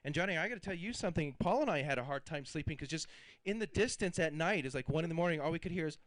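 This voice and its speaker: A man's voice: on the high side, animated, very fast, dry recording, low-quality recording. A man emceeing a fishing tournament weigh-in, announcing weights and hyping the crowd in an upbeat way.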